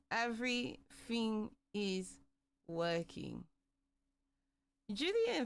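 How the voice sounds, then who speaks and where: A woman's voice: medium pitch, clean tone. A young woman chatting casually on a livestream, greeting viewers and asking them questions.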